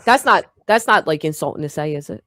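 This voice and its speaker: A woman's voice: low-pitched, animated, quick pace, a bit bright. A woman hosting a casual online chat panel, asking curious questions and laughing easily. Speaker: host.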